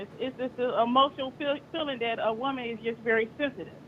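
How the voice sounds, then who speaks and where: A woman's voice: a little high, steady tone, quick pace, few pauses, highs cut off, slight background noise. A woman, a mother, telling a story casually and with animation, acting out the dialogue and stumbling over her words.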